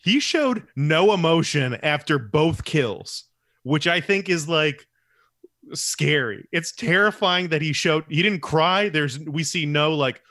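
A man's voice: on the high side, lively intonation, pushed and bright. A man co-hosting a podcast, chatting casually with rambling jokes and asides. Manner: joking, rambling, quick asides. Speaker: podcast co-host. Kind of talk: casual comedic chat.

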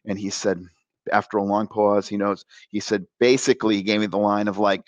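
A middle-aged man telling a personal story on a talk show, animated and laughing as he acts out the voices of others. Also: lowish voice, brisk, no echo, rough recording. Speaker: guest.

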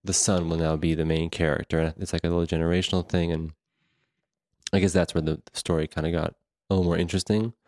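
A man casually recounting his first impressions of a film, telling it in a slow, meandering way. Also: deep voice, level tone, a little mellow, dry recording, studio quality. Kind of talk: casual movie review chat.

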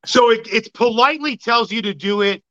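A man, a podcast guest, in casual chat, telling animated stories with frequent laughs and swearing. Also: very high voice, fairly quick. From Maryland, US. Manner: animated storyteller, laughs often, swears freely. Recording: dull lo-fi remote audio.

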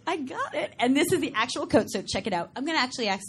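A woman's voice: high voice, animated, fast talker. A woman guest on a live podcast, bubbly and teasing, chatting animatedly on stage. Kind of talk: playful live podcast chat. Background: audience crowd noise.

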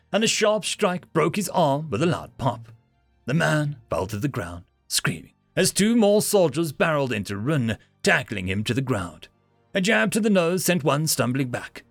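A man's voice: a little high, creaky, fairly bright tone, no room sound. A man narrating an audiobook expressively, giving each character a voice.

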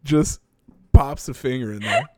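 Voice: mid-range voice, unhurried, mellow, no room sound, clean studio sound. A podcast co-host chatting casually, chiming in with short agreements and laughter. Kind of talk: casual chat.

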